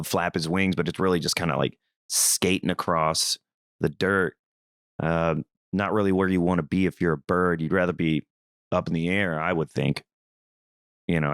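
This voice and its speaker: A young man from Missouri hosting a podcast, telling a rambling, animated story in a casual, swearing manner. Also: low-pitched, clear, resonant tone, dry recording, clean studio sound. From Missouri, USA. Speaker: podcast host.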